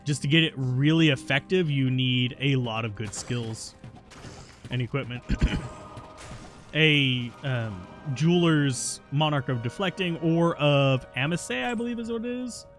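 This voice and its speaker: A man narrates his own live game stream in a loose, conversational way, answering viewers' questions as he plays. He jokes about his own stubbornness, and his voice sits in an ordinary middle pitch. Quiet music plays faintly in the background. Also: measured pace. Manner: chatty, stubborn and self-mocking, answering chat between plays. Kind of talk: casual live gameplay commentary.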